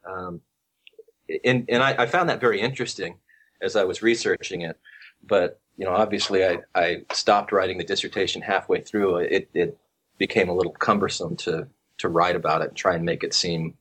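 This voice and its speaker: Relaxed low-voiced man telling stories. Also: slightly rough. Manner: relaxed, halting with frequent restarts and fillers. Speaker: guest researcher. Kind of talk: casual storytelling conversation.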